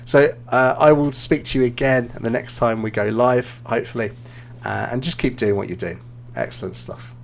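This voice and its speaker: A British man hosts a live English lesson and gives a student relaxed, encouraging feedback. He speaks in a mid-range voice and often pauses with "um" as he thinks. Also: medium pitch, creaky, a little hiss or hum. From Britain. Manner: encouraging, relaxed, many "um" fillers. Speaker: English teacher and live-stream host.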